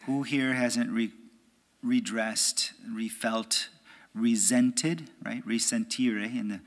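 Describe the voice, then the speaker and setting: A priest, an American man, giving a conversational homily in church. He keeps checking in with "right?" and sometimes drops to a hushed, near-whispered voice. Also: mid-range voice, fairly even intonation, slow pace. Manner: conversational, often asks "right?". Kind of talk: homily at a prayer meeting.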